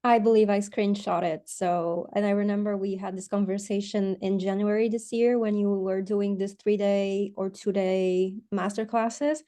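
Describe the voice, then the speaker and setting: A woman calling in to a coaching session over video, hesitant and halting. Her voice is mellow and dark, with little rise and fall. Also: medium pitch, fairly even intonation. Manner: hesitant, halting, searching for words. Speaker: caller on a coaching call. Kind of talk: asking a question on a call.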